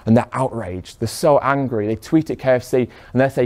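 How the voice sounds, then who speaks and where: Mellow-voiced man giving a persuasive talk. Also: medium pitch, brisk. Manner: poses rhetorical questions to the audience; speaks directly to listeners in a room. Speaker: speaker addressing an audience.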